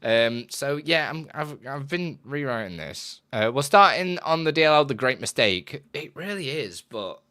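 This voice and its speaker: A man streaming live, talking in a loose, rambling way and often restarting his sentences. His voice is bright and forward, sitting at an ordinary pitch for a man. He laughs easily between thoughts. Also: expressive, moderate pace, hardly any pauses. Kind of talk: casual live-stream chat.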